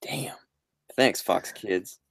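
A man's voice: drawn-out words, no echo, whispered. A man co-hosting a podcast in casual chat, joking, swearing and laughing a lot. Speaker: podcast co-host.

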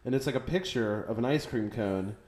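A man chatting casually as a podcast co-host, an animated storyteller who laughs as he talks. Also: medium pitch, brisk. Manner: animated storyteller, laughing through his anecdotes. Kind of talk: casual chat. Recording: roomy echoey room.

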